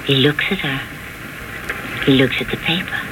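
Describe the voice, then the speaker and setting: A man hosting and narrating a radio mystery drama in a measured storytelling manner. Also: medium pitch, noisy background.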